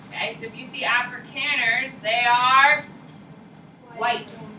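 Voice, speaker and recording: Woman teacher giving a class lecture, chatty and emphatic, lots of okays, echoey room, mic far off, noisy. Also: a little high. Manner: casual, emphatic, repeats key points with frequent "okay". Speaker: history teacher. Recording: roomy echo, distant mic, noisy.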